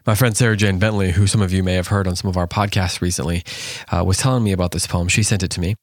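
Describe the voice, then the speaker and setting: A man's voice: low voice, steady tone, fast, dry recording, clean studio sound. A man hosting a poetry podcast, reading a poem aloud and then talking it over in a reflective way, with fillers and restarts. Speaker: podcast host. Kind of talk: poetry reading and casual commentary.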